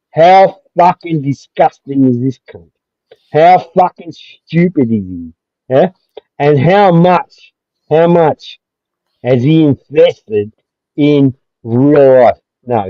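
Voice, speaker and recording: A man with a voice on the high side hosts a livestream and launches into a profane, aggressive rant. He's heated and repetitive with constant swearing, and the audio is dull, dry, and lo-fi.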